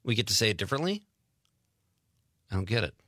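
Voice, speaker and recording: Casual Wisconsin radio host, bright voice on a dry close mic, chatty with listeners. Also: male voice, lowish voice, big pitch swings, quick pace, no echo. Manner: chatty, reads listener messages aloud. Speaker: radio talk show host. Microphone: studio mic.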